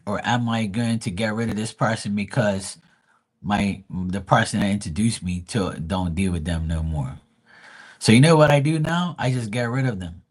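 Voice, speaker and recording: A tarot reader telling a story on his live stream in a blunt, profane, animated way. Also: mid-range voice.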